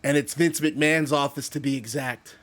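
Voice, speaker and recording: A man giving excited, casual play-by-play commentary on a wrestling video game he is playing, shouting at the big moments. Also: fairly high pitch, moderate pace. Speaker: gamer commentating his own matches.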